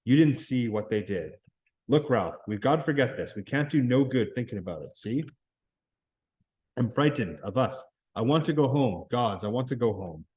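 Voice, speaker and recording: A man reading aloud and voicing a shrill, anxious boy who pleads and insists in rough everyday grammar. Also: expressive, moderate pace, a little mellow, lightly acted.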